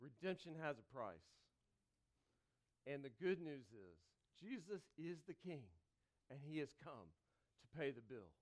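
A man preaching to his congregation, with dynamic delivery that swings from loud calls to hushed pleas and a conversational tone full of asides. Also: on the high side, sing-song, a little slow, long pauses. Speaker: pastor. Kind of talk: sermon. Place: church sanctuary.

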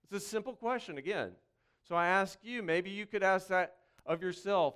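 A man preaching a sermon, opening with a hushed, slow prayer and then moving into animated, conversational preaching in a church. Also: sits high, clear, resonant tone. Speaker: pastor.

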